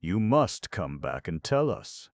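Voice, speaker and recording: A man's voice: low voice, very animated, takes it slowly, no echo, pitched above the performer's own voice, heavily acted. A man voicing an earnest young man who pleads urgently. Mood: pleading. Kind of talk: audiobook reading.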